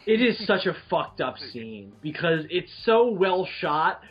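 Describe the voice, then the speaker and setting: A young man in casual chat who tells profane stories in a crude, excitable way. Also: sits high, measured pace. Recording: dull lo-fi recording, faint music.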